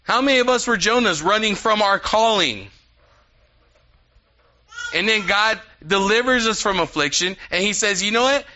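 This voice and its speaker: A man preaching a sermon in an animated, conversational way, with quick asides to the congregation. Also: high-pitched. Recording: dull lo-fi sound.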